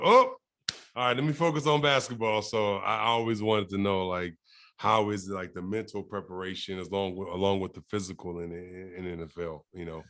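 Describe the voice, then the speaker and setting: A man hosting a podcast, asking questions in an easygoing way with frequent soft backchannels. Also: fairly low pitch. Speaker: podcast host. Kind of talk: casual interview.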